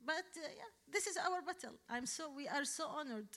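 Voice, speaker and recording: A woman from Yemen, an Arabic native speaker with a Yemeni accent, answering questions as a guest speaker at a public talk in halting English full of restarts, building to firm emphasis. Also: sits high, lively intonation, a bit bright.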